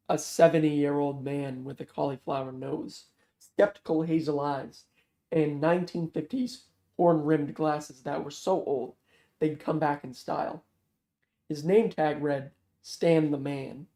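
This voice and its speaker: Male reader, novel read-aloud, measured, slightly high voice, mellow, echoey. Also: gravelly. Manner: steady, measured narration. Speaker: audiobook reader. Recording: roomy echo.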